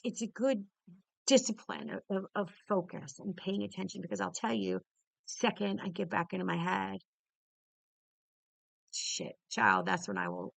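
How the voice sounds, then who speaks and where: Woman, casual storyteller, bright and clear, dry close sound, swears and laughs a lot. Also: mid-range voice, no room sound. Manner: exuberant, swears freely, laughs often; many restarts and repeated words. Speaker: podcast host.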